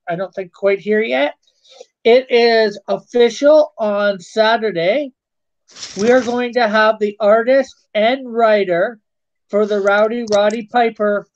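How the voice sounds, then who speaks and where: A man's voice: sits high, a little mellow, lo-fi sound. A man hosting a live stream in casual chat, reading viewer comments aloud, rambling and stumbling over his words.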